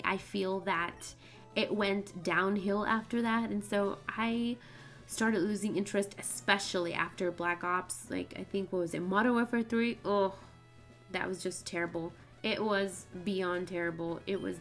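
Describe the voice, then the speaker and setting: A woman's voice: medium pitch, a bit bright. A young woman hosting a let's play, chatting casually and rambling off on tangents while she plays. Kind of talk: casual gameplay commentary.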